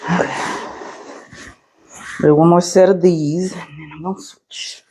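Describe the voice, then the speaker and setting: An out-of-breath fitness vlogger chatting casually between sets in a gym, with breathy sighs and quick laughs. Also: mid-range voice, steady tone, background noise.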